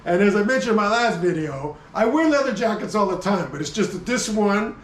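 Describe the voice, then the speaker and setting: A middle-aged man chats through a casual gear review in a rambling, friendly way, often stopping to correct himself. His voice sits fairly high. The sound is roomy and comes from a distance, as if the camera is set back from him. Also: expressive, brisk, a little hiss or hum. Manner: rambling, chatty, self-correcting, laughs often. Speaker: motorcycle and gear vlogger. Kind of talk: casual product review chat.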